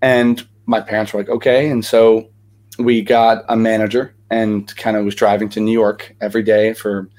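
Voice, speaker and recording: A man's voice: on the low side, little pitch movement, moderate pace, a little mellow. A young man, an actor and singer, telling stories as a guest in a casual interview, chatty and full of energy, with lots of fillers.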